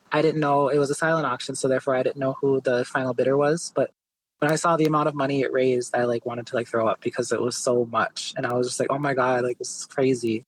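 A male artist, appearing as an interview guest, tells his story in a relaxed way, sprinkling in plenty of "like" and "you know." His voice is mid-range, captured on a low-quality recording.

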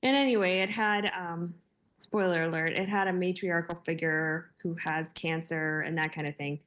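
A woman's voice: fairly low pitch, fairly even intonation, moderate pace, a bit bright. A woman in her forties in casual conversation, telling stories with lots of fillers and laughter. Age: 40s. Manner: chatty, laughing storyteller with many fillers. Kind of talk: casual chat.

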